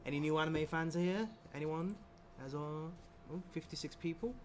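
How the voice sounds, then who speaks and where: Relaxed man co-hosting a chat. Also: fairly high pitch, moderate pace, a little hiss or hum. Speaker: livestream co-host. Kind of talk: casual live-stream chat.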